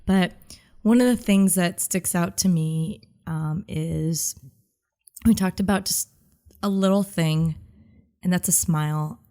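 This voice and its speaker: A woman's voice: on the low side, slow, warm tone. A woman with a head cold co-hosting a casual radio-style show, playful and laughing lightly. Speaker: podcast co-host. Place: outdoors near a beach.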